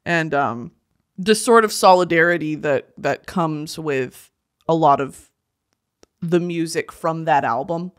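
A young woman hosting a podcast in casual chat, animated and gushing, laughing often and poking fun at herself. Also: low-pitched, takes it slowly. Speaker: podcast host.

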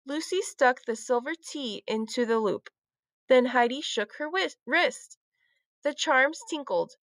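A woman teacher reading a children's book aloud, with clear, expressive storytelling. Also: high-pitched, measured pace, dry recording.

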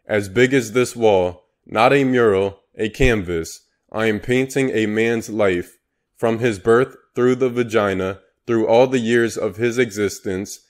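A man's voice: medium pitch, natural voice. A man reading the part of a scruffy old male painter who talks bluntly and crudely. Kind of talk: audiobook character reading.

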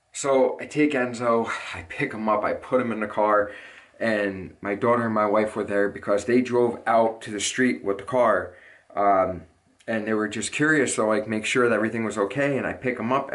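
A man's voice: on the low side, a bit bright. A young adult man telling a personal story as a vlogger, in a rambling, urgent way and with casual swearing. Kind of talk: emotional storytelling to camera.

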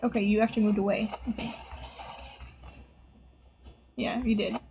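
A woman's voice: mid-range voice, flat delivery, moderate pace, vocal fry, warm tone, slight background noise, low-quality recording. A woman hosting a gameplay video, giving casual, nervous commentary and talking to the game characters as she plays. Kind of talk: casual let's-play commentary.

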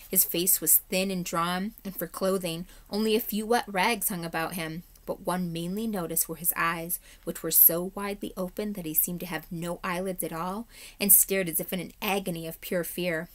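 A woman, a third-grade teacher, reading a chapter book aloud in a steady, measured way. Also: lowish voice.

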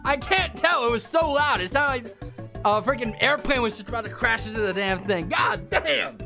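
A man reacting to memes in casual chat, loud and exclamatory, swearing and laughing often. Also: very high-pitched, animated, normal speed, over music. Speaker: meme reaction host.

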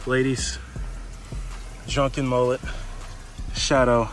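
Excitable man fishing outdoors. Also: medium pitch, slow pace, soft background music. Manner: excitable, chatty, addresses viewers as y'all. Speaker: fishing vlogger. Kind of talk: casual outdoor vlog. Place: outdoors by a pond.

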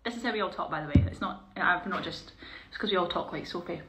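A young woman chatting casually to her viewers on a live stream while doing her makeup, bubbly and chatty, sometimes dropping into quiet mutters. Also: lowish voice, fast, over music. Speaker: performer hosting a live stream. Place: small indoor room. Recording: echoey room with faint hiss.

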